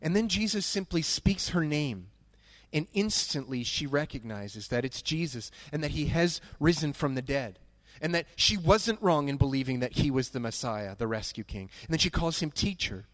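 A pastor preaches a sermon in a fairly high man's voice, earnest and emphatic. He repeats his key phrases. The sound is dry and close. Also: lively intonation, normal speed, hardly any pauses, a bit bright, no echo.

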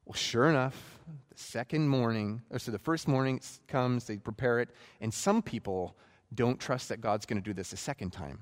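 A man preaching a sermon, retelling a story in an animated way and acting out quotes. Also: medium pitch, normal speed, big-room sound. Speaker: pastor.

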